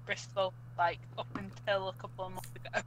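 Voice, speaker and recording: A woman's voice: mid-range voice, flat delivery, fairly quick, a little hiss or hum, rough recording. A woman chatting casually on a stream, blunt and sweary in her banter. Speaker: stream guest. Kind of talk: casual chat.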